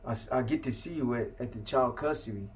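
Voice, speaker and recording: A man from California spinning a long story in casual, laid-back street slang, swearing freely as he goes. His pitch sits at an ordinary middle level for a man, and his delivery stays unhurried and conversational. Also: slight background noise. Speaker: interview guest.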